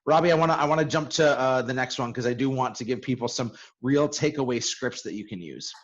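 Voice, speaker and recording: A mid-pitched man talking shop in a casual coaching webinar. He jumps into sentences and repeats his first words before settling. The audio is dull and lo-fi. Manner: quick, repeats words when starting. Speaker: real estate coach co-hosting a webinar.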